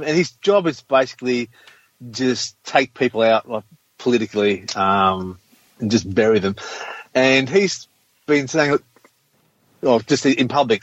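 A man's voice: mid-range voice, husky, no echo. A man talking in a sarcastic, sweary way in a casual chat, ranting with dry jokes. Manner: sarcastic, sweary, rants about politics. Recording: dull lo-fi recording.

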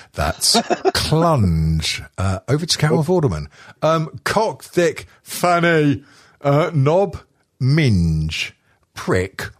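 A man hosting a casual podcast, reading a list aloud with constant swearing and jokes. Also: fairly high pitch. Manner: swears constantly, jokey, laughs often.

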